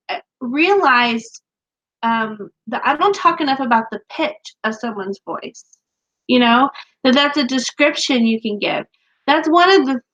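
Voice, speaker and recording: Chatty bright-voiced woman, lo-fi sound. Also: on the high side. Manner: chatty, lots of fillers and restarts. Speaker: podcast co-host, author. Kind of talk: casual chat.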